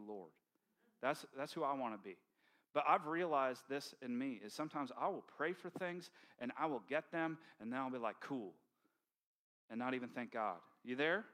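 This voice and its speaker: A pastor preaches to his congregation in a bright, forward voice. He tells the story in a loose, conversational way and acts out the voices of the people in it. His pitch sits in the middle of the male range. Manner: conversational, animated storytelling with acted-out quotes. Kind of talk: sermon. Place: church sanctuary with congregation.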